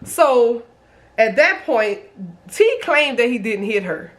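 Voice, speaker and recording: A woman in her twenties telling a story to the camera, lively and profane. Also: fairly high pitch, takes it slowly. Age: 20s. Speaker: vlogger. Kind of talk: storytime vlog.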